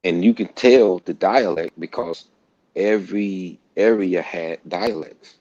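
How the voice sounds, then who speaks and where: A low-voiced man with a gravelly, creaky edge talks emphatically in a casual group discussion. He repeats words for stress and drops slang and profanity. The sound is dry and close, with no room echo. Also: takes it slowly, a little mellow, lo-fi sound. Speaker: podcast host.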